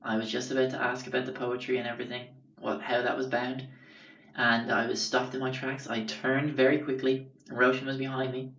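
A young Irish man rambles through his stories casually, swearing freely and filling gaps with "um" and "like." His voice sits at a middle pitch and echoes in a roomy space. The sound is dull and a little distant from the mic. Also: flat delivery, a little fast, fairly bright tone. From Ireland. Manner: rambling, sweary, lots of fillers. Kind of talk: casual storytelling.

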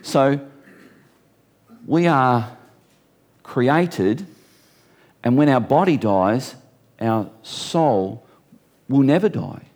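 A middle-aged male pastor delivers a sermon in an easy, conversational voice. He leans on repetition to drive points home and slips in dry, self-mocking jokes. His pitch sits right in the everyday middle for a man. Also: lively intonation, drawn-out words, pauses often, darkish tone. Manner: conversational preaching with wry humor and repeated phrases.

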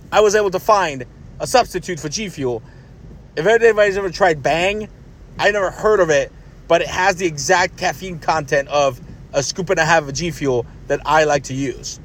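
High-voiced man telling a story, animated. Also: slight background noise. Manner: animated, chatty, swears freely. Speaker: podcast host. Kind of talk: casual storytelling.

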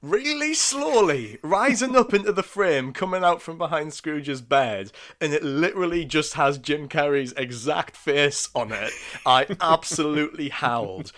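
A man co-hosting a casual film podcast, animated and quick to laugh. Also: a little high. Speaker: podcast co-host.

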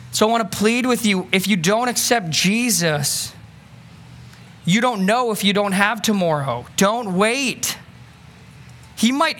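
A man preaching a sermon as pastor, earnest and pleading, moving from quick asides to slow, emphatic lines. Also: high voice, fairly bright tone. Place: church sanctuary.

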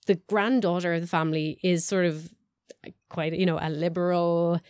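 A woman's voice: lowish voice, fairly even intonation, normal speed, a little mellow, clean tone, dry recording. A woman co-hosting a podcast, chatting casually about films, laughing often and restarting her sentences. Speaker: podcast co-host. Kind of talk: casual film chat.

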